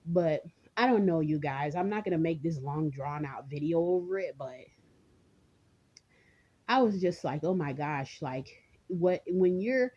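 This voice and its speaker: A woman's voice: low-pitched, expressive, a little slow, mellow, lo-fi sound. A woman vlogger in a casual rant, rambling and chatty, talking straight to her viewers and laughing often.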